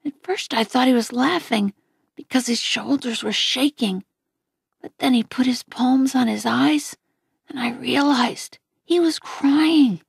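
A woman reading a first-person novel aloud in a quiet, gentle voice that often drops near a whisper. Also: high-pitched, a little slow, creaky, breathy edge, no room sound, clean studio sound. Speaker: audiobook reader.

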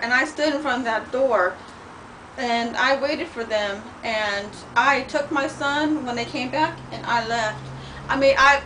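Heated, high-voiced woman venting in pain. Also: sharp tone. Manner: blunt, profane, heated storytelling. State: sore and in pain, limping. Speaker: vlogger. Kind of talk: venting vlog rant. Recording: distant mic with faint noise.

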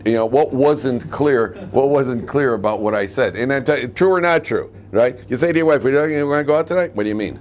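A man's voice: mid-range voice, a little fast, few pauses, a little mellow, slight background noise. A middle-aged man, a rabbi, giving a humorous lecture to a class of students and tossing questions at them. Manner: joking, asks the class questions.

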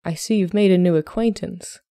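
A woman voicing a gentle, cheerful young gentleman of the Regency era, speaking kindly. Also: fairly low pitch, normal speed, no echo, clean studio sound, close to an everyday voice. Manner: cheerful and kind.

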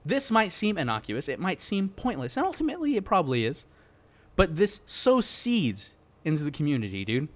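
A man's voice: on the high side, wildly swooping pitch, normal speed. A man ranting in a worked-up, exasperated way in casual, slangy gaming commentary, talking straight to his viewers. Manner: casual slangy address to the audience. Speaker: gaming YouTuber.

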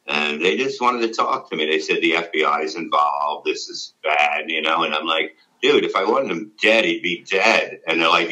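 A middle-aged man, a guest who was formerly a radio show regular, tells a rambling, profane story in casual conversation, full of fillers. His voice is deep with a sharp tone, and the recording is rough.

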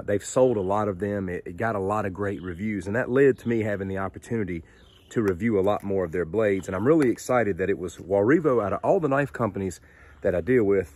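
Southern guy, low voice, chatty and folksy, talking to his viewers like friends. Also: darkish tone. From Southern United States. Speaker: knife reviewer. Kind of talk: casual product review vlog.

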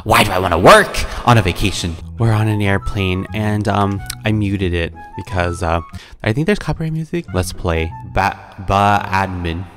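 A man's voice: low-pitched, normal speed, fairly bright tone, faint music behind. A man hosting a gameplay video, chatting casually and playfully, with frequent gasps and laughs. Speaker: gaming video host.

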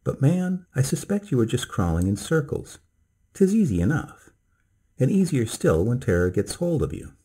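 Cheerful middle-aged country doctor, clipped and teasing, mellow husky voice; a man voicing him. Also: medium pitch, big pitch swings. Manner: brisk, teasing, clipped speech. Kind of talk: storybook reading.

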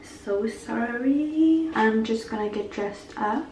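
A young woman chats slowly and a little high while getting ready for a night out, gushing and teasing herself, sometimes dropping to a whisper. She has a cold. Her voice sounds roomy and set back from the camera. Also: darkish tone, far from the mic, slight background noise. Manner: chatty, gushing, self-mocking, breaks into whispers. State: sick with a cold. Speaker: vlogger. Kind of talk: casual vlog chat.

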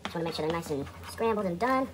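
Speaking fast in a high, expressive voice over background noise, this man runs a relaxed cooking vlog at home. His demo chat is jokey and easygoing, aimed straight at the audience.

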